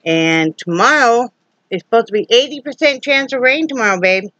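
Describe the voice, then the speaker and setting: A middle-aged woman vlogs casually from home, chatty and homey with laughs and asides, recorded on a phone or camera mounted on a ring light. Her voice is on the high side, expressive, bright and forceful, at normal speed; there's no echo but the recording is muffled.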